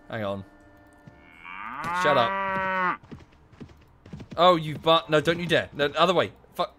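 A young man narrates his gameplay in a high, bright, lively voice, swinging from muttering to outraged yelling and cursing. Faint game music plays underneath. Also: takes it slowly, pauses often. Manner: exasperated, swears a lot, shouts at the game. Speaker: gameplay streamer. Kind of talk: casual gameplay commentary.

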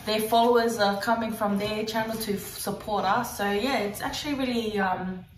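A woman with an Australian accent hosting a casual vlog, chatting with lots of ums and likes and quick giggles. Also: medium pitch, steady tone. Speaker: vlogger host. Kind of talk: casual chat. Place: at home with kids. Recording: roomy, distant mic, faint noise.

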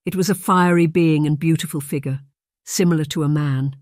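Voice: medium pitch, fairly even intonation, a little fast, no room sound, studio quality, lightly acted. Charlotte, an eager young Englishwoman, read by a narrator.

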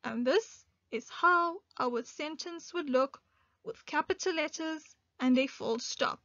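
A woman teaching an online grade one English lesson, speaking slowly and clearly and stressing key words. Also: high voice, bright, forceful tone, no echo. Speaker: primary school teacher. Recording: dull lo-fi dry recording.

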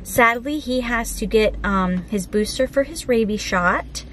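A woman's voice: a little high, animated, measured pace, a little hiss or hum. A woman chatting casually to camera for a family vlog, soothing a nervous puppy, with music underneath. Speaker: family vlogger. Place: vet clinic and outdoors in snow.

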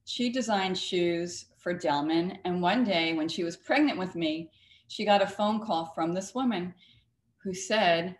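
A woman's voice: fairly low pitch, measured pace, slight background noise. A woman author and cartoonist being interviewed on a talk show, talking emphatically with a storyteller's flair. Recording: echoey studio room.

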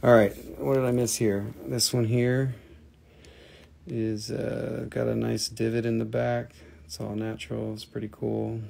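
A man's voice: mid-range voice, level tone, measured pace, vocal fry, dark tone. A man with a Southern US accent hosting a live gem and mineral sale in a chatty, joking way, often laughing at himself. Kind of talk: live selling chat.

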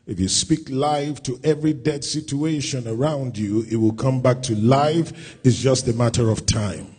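Slow, husky-voiced preaching man. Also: medium pitch. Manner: deliberate preaching that swells to loud emphatic scripture reading. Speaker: pastor. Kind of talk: sermon. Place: church service.

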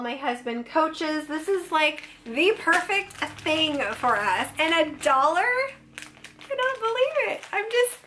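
A woman vlogger chatting casually through a product haul, gushing and excitable as she shows each find. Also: high-pitched, slight background noise. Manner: gushing, excitable, keeps saying "oh my gosh, you guys".

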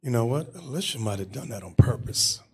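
A man's voice: medium pitch, lively intonation, a little fast, darkish tone, husky. A man teaching a Bible class in an emphatic preaching manner, calling on readers and staff between points.

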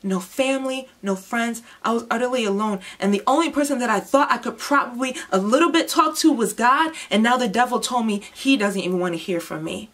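A young woman giving an emotional personal testimony, moving between hushed, heavy moments and impassioned outbursts. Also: fairly high pitch, a little fast, hardly any pauses. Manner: intense, swings from hushed to impassioned. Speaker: testimony speaker.

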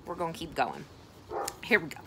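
A woman's voice: sits low, a little fast, background noise. Woman reading a novel aloud outdoors. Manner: casual, self-correcting, with lively voices for dialogue. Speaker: reader. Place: outdoors, cold and windy.

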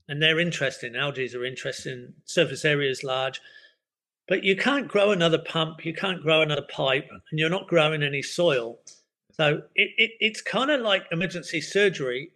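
An older man with a bright, forceful tone and a fairly high voice for a man talks through ideas as an interview guest. He rambles reflectively, stumbling over repeated words and filling gaps with "you know." His manner stays easygoing, with soft chuckles. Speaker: permaculture educator, podcast guest. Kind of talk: casual interview conversation.

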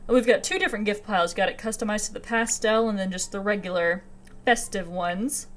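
A young woman in her twenties talking through a cozy video game, excitable and quick to giggle. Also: mid-range voice. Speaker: gaming channel host. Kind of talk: let's play commentary.

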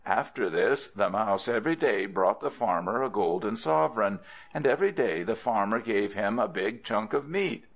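Man, audiobook narrator, folk tales, low voice, lively pitch, playful asides, dull lo-fi sound. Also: moderate pace. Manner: expressive, with playful asides to the listener. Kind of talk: storybook narration.

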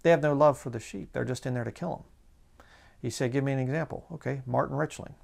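A man delivering a sermon in a plain, conversational manner, with a gravelly, fry-touched voice at a middle pitch. He slows down and leans on the words when reading scripture. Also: darkish tone. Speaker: preacher.

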